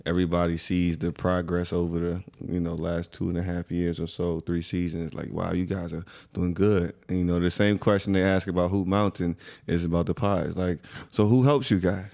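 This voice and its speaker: Deep gravelly-voiced man telling a story. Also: level tone, fairly quick, hardly any pauses, a little mellow. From USA. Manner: laid-back, conversational, slangy. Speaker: podcast co-host. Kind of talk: casual storytelling chat.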